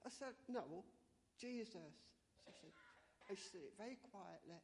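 A woman's voice: on the high side, big pitch swings, normal speed, a little mellow, slight background noise. Chatty woman in an echoey hall. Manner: chatty storytelling, acting out dialogue with laughs. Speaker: church member giving testimony. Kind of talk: personal testimony in a church meeting.

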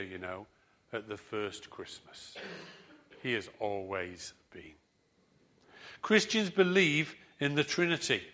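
A pastor delivers a sermon through stories, his medium-pitched voice rising with emphasis and then trailing off softly at the ends.

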